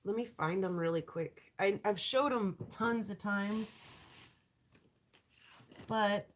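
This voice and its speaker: A woman with a stuffy nose and a raspy voice from allergies, chatting casually on a live stream as she shows rocks and trails off with ums. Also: mid-range voice, takes it slowly. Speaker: lapidary showing rocks to viewers.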